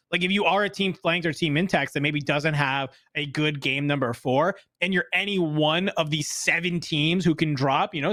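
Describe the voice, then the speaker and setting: A woman casting a live esports broadcast, chatty and animated, often laughing as she breaks down the standings. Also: low-pitched, no room sound. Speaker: esports caster.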